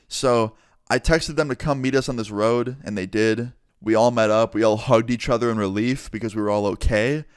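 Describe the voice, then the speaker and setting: A young man telling a storytime tale in a casual, animated way, acting out the quoted lines and swearing freely. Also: lowish voice, smooth, dry recording, clean studio sound.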